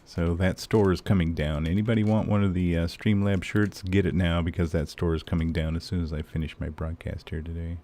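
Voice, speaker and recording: A man's voice: low-pitched, fairly even intonation, fairly quick, few pauses, mellow, a little hiss or hum. A man streaming a game, chatting casually and ranting with lots of swearing and fillers. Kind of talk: casual live-stream chat.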